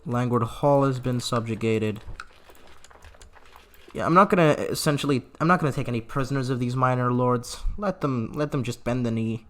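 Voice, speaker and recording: A man giving playful, sarcastic let's-play commentary on a strategy game, slipping into drawn-out mock grief and quick asides to his viewers. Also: mid-range voice, a bit bright. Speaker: gaming channel host.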